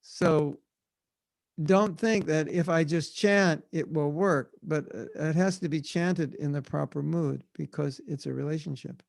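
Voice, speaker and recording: An American man teaching at a devotional seminar, his voice a little high for a man with a gravelly edge. He keeps the talk animated, slipping into small acted-out voices and laughing often. The sound is dry and close, as on a video call. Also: unhurried, no room sound. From United States. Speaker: spiritual teacher.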